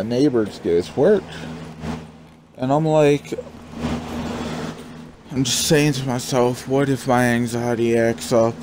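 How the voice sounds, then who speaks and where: A man's voice: lowish voice, background noise. A young man casually telling a rambling personal story over gameplay, acting out his own panicked thoughts and swearing now and then. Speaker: gaming vlogger.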